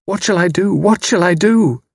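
An intense, sorrowful young woman, as a male narrator puts her on, speaking quietly with deep conviction. The pitch is lifted well above a male voice, with a husky edge, recorded close and dry. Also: moderate pace, no echo. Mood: desperate. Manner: quiet, flat, then pleading.

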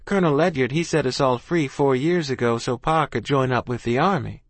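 A scared but polite young girl, voiced by a man, answering with meek respect. Her lines sit a little higher and softer. The sound is dry. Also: fairly quick, no echo, lightly acted.

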